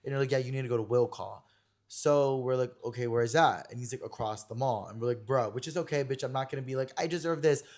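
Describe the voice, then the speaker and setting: Young male podcast host, chatty gossip tone, mid-pitched voice, casual storytelling. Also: fast talker. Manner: gossipy, animated storytelling with many "like" fillers. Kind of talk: casual chat.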